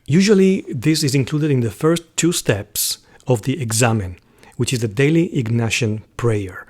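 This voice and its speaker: A man hosting a Catholic channel, who gives an earnest, heartfelt reflective talk and reads poetry slowly, with some soft whispered passages. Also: mid-range voice, lively intonation, husky.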